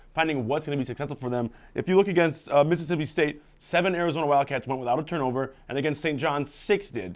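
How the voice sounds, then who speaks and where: A man's voice: medium pitch, darkish tone. A man giving confident sports analysis on a student TV show, rattling off statistics.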